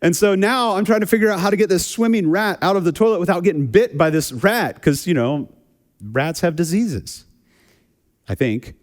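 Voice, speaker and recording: A male pastor with a rather high voice talks through his sermon in a chatty, easygoing way, stumbling and repeating words as he goes. His voice rings out with the long reverb of a church sanctuary. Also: normal speed. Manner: relaxed, chatty, often repeats words as he restarts. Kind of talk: conversational sermon with a personal story.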